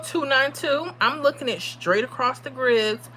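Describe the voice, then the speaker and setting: Bright-voiced tired woman streamer. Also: sits high, unhurried, slight background noise. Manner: chatty, reads out viewer comments. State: tired from little sleep. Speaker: livestream host giving lottery predictions. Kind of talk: casual livestream chat.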